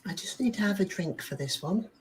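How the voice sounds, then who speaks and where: A woman guest performer chatting on a video call, soft-spoken and hesitant. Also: mid-range voice, animated, brisk, a little hiss or hum, poor audio. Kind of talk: casual video call chat.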